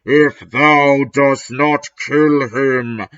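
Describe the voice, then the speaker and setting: A man voicing a menacing, evil male dark lord with a raspy voice and slow, archaic threats, recorded with a dull lo-fi sound. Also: medium pitch, steady tone.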